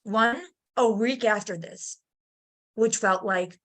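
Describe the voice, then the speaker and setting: A middle-aged woman telling a personal story in a casual, animated way, acting out the voices of people she describes. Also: medium pitch, slow pace. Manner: animated, acts out voices in her stories. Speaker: guest.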